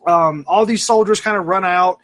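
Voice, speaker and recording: Bright, high-voiced rambling podcast man. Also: moderate pace. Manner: rambling, full of fillers and restarts; animated, self-mocking storyteller. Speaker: podcast co-host. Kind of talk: casual chat.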